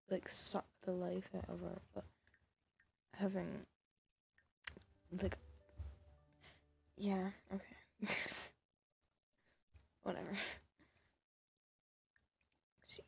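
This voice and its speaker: A woman's voice: mid-range voice, gravelly, a little mellow, husky. A woman giving casual, sarcastic commentary over a life-sim game, scolding the characters and often dropping to a whisper. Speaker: gaming video creator.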